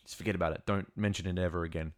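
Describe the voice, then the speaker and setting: A man quoting a blunt ex-soldier in his own low voice, brisk and dismissive. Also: fairly even intonation.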